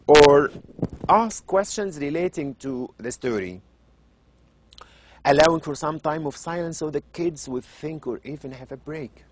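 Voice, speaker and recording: In this university lecture, a middle-aged Arabic-accented man speaks in English about children's literature, lively and full of rhetorical questions. His volume climbs and drops to stress points, and there's slight noise in the background.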